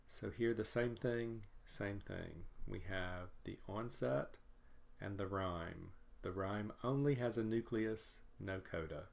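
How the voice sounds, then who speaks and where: Male teacher, slow and careful, lowish voice, explains and repeats examples; recorded lecture. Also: gravelly. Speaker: pronunciation teacher.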